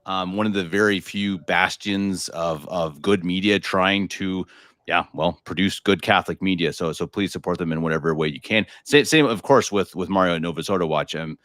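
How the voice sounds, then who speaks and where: A man's voice: deep voice, moderate pace, a bit bright, no echo, studio quality. An American man hosting a live podcast, talking casually with lots of fillers and repeated words. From United States. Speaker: podcast host.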